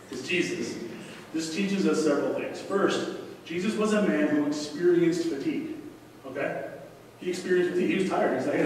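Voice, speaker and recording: A middle-aged man preaches a sermon in a chatty, storytelling way and keeps turning to the congregation with asides. His voice sits a little high. It is picked up from across a large church hall, so it comes through distant and heavy with echo. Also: a little mellow, slight background noise. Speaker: guest preacher. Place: church sanctuary.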